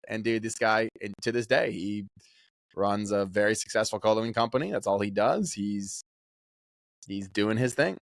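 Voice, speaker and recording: A man in his thirties, a podcast guest chatting casually and telling animated stories. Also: lowish voice, moderate pace, gravelly, no echo, studio quality. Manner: animated storyteller, often slips into voices when quoting people. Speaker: podcast guest, real estate investor. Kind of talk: casual interview chat.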